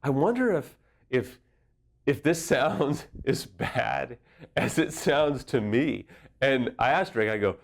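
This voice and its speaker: A man's voice: mid-range voice, expressive, slow pace, vocal fry. A man speaking as an affair recovery counselor, giving earnest, direct advice in a conversational way and drawing on personal stories. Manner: earnest, personal and direct, illustrates points with anecdotes.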